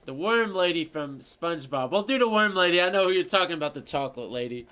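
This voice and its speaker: A man streaming, chatting casually and reading out viewer comments in an animated, rambling, profane way. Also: on the high side, quick pace.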